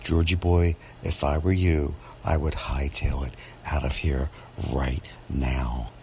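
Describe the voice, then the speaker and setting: A man's voice: very deep voice, level tone, slow pace, a little mellow, slight background noise, pitched below the performer's own voice, full character voice. A man voicing a blunt, drawling female office receptionist in a true-life podcast story. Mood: blunt warning. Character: blunt middle-aged woman office receptionist.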